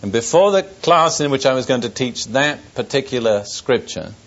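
Before a congregation at a church service, an older male pastor shares a sermon testimony, mixing a personal wartime story and dry wit, then solemn warnings. His mid-pitched voice is expressive and fairly bright at normal speed, captured in dull, lo-fi audio.

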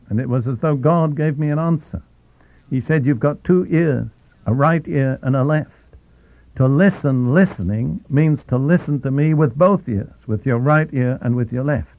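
A man giving a sermon as a Bible teacher, deliberate and slowing down to stress key phrases. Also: medium pitch, dry recording. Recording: tinny phone-like, dry.

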